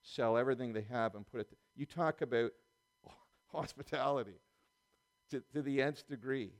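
A man's voice: mid-range voice, moderate pace. Middle-aged man preaching in a chatty way. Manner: conversational, with frequent restarts and chuckles. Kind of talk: sermon.

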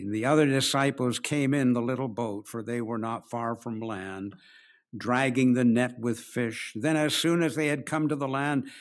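A man preaching an expository sermon, slowing down to stress key phrases and acting out the quoted lines. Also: medium pitch. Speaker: pastor.

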